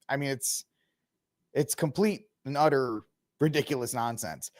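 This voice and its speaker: A man's voice: medium pitch, measured pace. A man hosting a casual news commentary podcast, mocking and ranting in slangy talk and laughing often. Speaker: podcast host.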